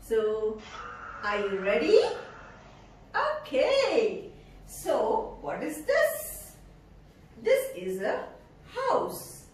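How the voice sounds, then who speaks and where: Lady teaching little kids, high lively voice, slow, echoey room from far away. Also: a little hiss or hum. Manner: sing-song, slow and drawn out, imitates animal sounds. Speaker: preschool teacher. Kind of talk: teaching young children.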